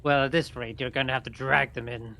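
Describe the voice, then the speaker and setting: A man's voice: mid-range voice, fairly even intonation, brisk, vocal fry, sharp tone. A man voicing a sly old female hag in the guise of a granny, sweet-talking and coaxing. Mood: dry.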